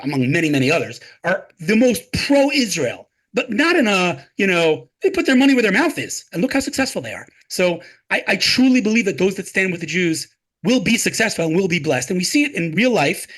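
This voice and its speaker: A man's voice: high voice, very animated, fairly quick, a bit bright. A man talking passionately as an interview guest, emphatic and full of rhetorical questions and repeated phrases. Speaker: guest, tech advocate.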